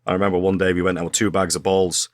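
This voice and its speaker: A middle-aged man, a former footballer, telling animated stories in casual studio chat. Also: low-pitched, very fast, dry recording. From Ireland. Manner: animated anecdotes, acts out quotes, swears. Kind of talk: casual storytelling. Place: podcast studio.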